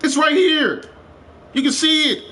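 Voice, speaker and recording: A man's voice: extremely high pitch, measured pace, sharp tone. A man streaming a game live, ranting with passion, repeating himself and swearing. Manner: impassioned, repetitive, swears, rising to urgent.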